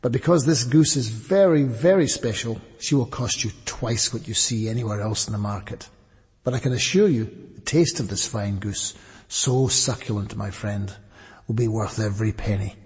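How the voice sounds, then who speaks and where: Man doing a sly merchant, raised voice, breathy, hall echo behind. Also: on the low side, moderate pace, darkish tone. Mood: persuasive. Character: sly smooth-talking male market merchant.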